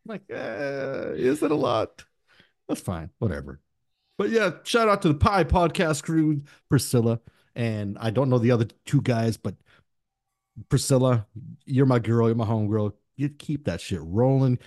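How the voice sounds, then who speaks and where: A man hosting a podcast in casual chat, rambling through profane shout-outs. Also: mid-range voice, animated, moderate pace, dry recording, studio quality. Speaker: podcast host.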